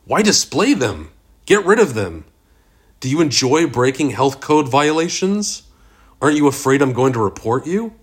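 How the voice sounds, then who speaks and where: A man's voice: medium pitch, big pitch swings, moderate pace, slightly rough, pitched above the performer's own voice. A man voicing a frightened, indignant man, raising his voice in alarm. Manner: alarmed, pressing questions. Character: nervous young man, shaken and indignant.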